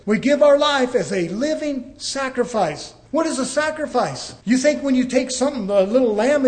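A middle-aged man preaching a sermon as pastor, plain-spoken and folksy, firing off rhetorical questions at his congregation. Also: extremely high pitch.

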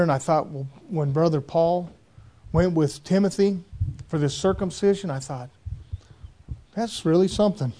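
A man's voice: high voice, warm tone. A man preaching a sermon, telling stories in a folksy, rambling way. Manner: folksy, rambling storytelling with dialect grammar.

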